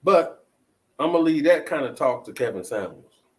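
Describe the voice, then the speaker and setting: A man's voice: a little high, animated, normal speed, poor audio. A man hosting a talk show, chatting casually and putting questions to his listeners. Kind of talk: casual commentary.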